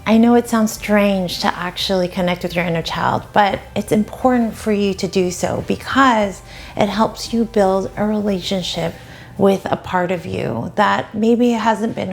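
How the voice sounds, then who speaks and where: Gentle, encouraging woman dating coach. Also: medium pitch, fairly even intonation, measured pace, vocal fry. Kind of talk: advice talk to camera.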